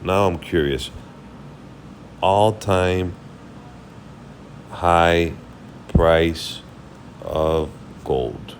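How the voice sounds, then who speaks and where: Casting: weary male host, very low voice, loose unscripted market chat, faint hiss. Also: very slow, pauses often. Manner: rambling, thinks aloud while checking charts. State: tired, yawning. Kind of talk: casual market recap.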